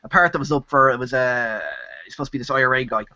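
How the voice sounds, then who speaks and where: A man's voice: medium pitch, steady tone, fast talker, pushed and bright, no room sound, highs cut off. A man with a Dublin accent, chatting casually in a group call and telling rambling stories with lots of fillers. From Ireland. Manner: rambling storyteller, many fillers and restarts. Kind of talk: casual video chat.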